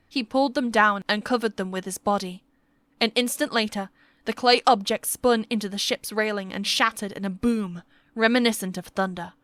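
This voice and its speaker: A woman narrating a historical fantasy romance audiobook with steady, measured storytelling. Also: medium pitch, no echo.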